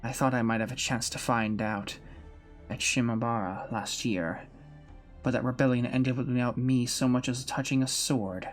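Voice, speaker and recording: A man voicing a weary old male swordsman who awaits death, speaking in a slow, brooding, resigned way over faint music. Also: mid-range voice, steady tone, lightly acted. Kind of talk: fan voice reading of a game story.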